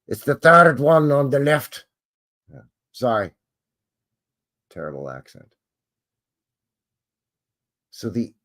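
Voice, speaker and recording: A man's voice: medium pitch, fairly bright tone. A man hosting a live stream, musing and chatting as he thinks aloud over old photographs.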